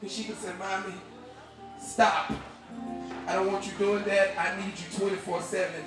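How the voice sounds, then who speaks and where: A woman in her thirties, a singer and bandleader, speaking from the stage in a heartfelt, halting way and choked up with emotion. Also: mid-range voice, fairly even intonation, over music. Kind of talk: stage talk at a live concert. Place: bar stage with a live audience. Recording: echoey live club recording from far off, loud band and crowd.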